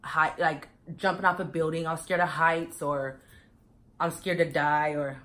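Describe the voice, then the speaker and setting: A woman's voice: deep voice, fairly even intonation, measured pace, a bit bright. A young woman vlogger chatting casually to her viewers, full of fillers and often calling them you guys. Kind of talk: casual get-to-know-me chat.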